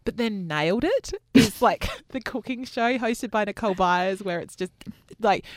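A woman's voice: medium pitch, expressive, normal speed, dry recording, studio quality. A woman in a casual chat, enthusiastic and gushing about shows she loves.

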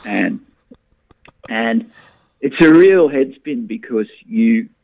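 A man with an animated storytelling manner, chatting as a guest in a radio interview. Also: medium pitch, takes it slowly, vocal fry, breathy edge, no room sound. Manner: animated storyteller, frequent restarts. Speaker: comedian guest. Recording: tinny phone line.

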